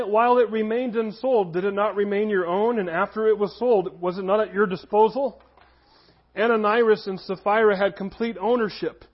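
A man in his thirties preaching a sermon in a conversational way, now and then acting out little scenes from his stories. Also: high voice. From United States. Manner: conversational preaching, shifts into voiced anecdotes. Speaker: pastor. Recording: dull lo-fi audio.

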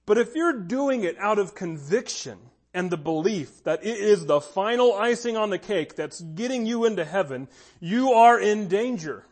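High-voiced guy pastor preaching, emphatic, drags out the key words. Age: adult with a child. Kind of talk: sermon.

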